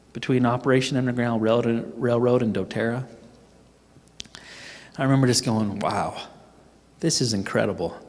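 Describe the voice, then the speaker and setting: A middle-aged man telling a funny personal story at a team training, animated and self-mocking. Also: mid-range voice. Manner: animated, humorous, acts out his own panicked voice. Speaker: speaker at a sales team training. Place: event hall. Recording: echoey hall reverb.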